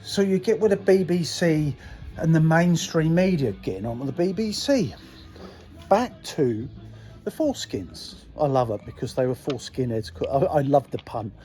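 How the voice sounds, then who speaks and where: Faint music plays behind a middle-aged English vlogger whose mellow, fairly high voice moves in a sing-song way at a moderate pace. In his casual political rant he is blunt and sweary, indignantly throwing rhetorical questions at viewers.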